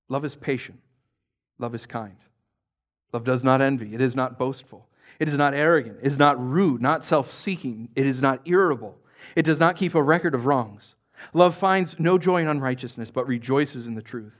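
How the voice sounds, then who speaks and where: A man preaching a sermon to his congregation, chatty and animated, often tossing in "right?", and dropping soft and low when he reads scripture. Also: normal speed, long pauses. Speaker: pastor.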